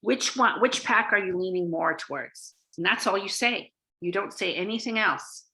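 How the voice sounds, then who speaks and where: A woman's voice: mid-range voice, moderate pace, sharp tone. A woman from Canada giving a casual sales training talk, chatty, with many fillers and restarts.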